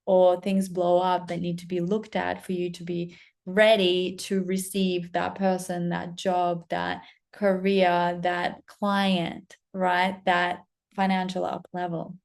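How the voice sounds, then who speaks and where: A young adult woman, a spiritual coach, telling a personal story to camera in a lively, casual way and acting out the other people's lines. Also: fairly low pitch, slow pace, vocal fry, hardly any pauses. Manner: animated, acts out quoted voices, casual swearing.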